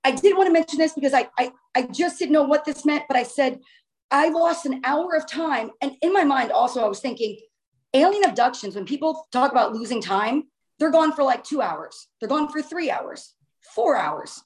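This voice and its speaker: Woman, fairly high voice, interview guest, animated, excitable storytelling. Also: moderate pace, poor audio. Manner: animated, excitable, acts out her own past words. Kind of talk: recounting a personal experience in conversation.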